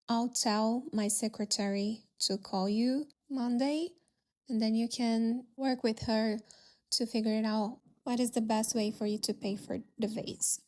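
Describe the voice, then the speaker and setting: A woman voicing a calm, wealthy male party host who explains things patiently and matter-of-factly. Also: a little high, a little slow, natural voice. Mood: calm firm.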